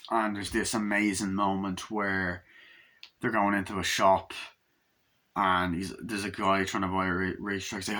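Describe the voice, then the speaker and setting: A movie reviewer casually recaps a film in a rambling way, swearing freely and jumping into quoted lines from the scenes. His voice sits on the low side, bright and forceful.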